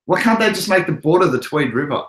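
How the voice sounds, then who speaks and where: A man's voice: a little high, very animated, fast talker, a bit bright. Laid-back Australian man chatting, echoey room. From Queensland, Australia. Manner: laid-back, chatty, answers chat messages. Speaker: crypto livestream host. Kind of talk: casual livestream chat.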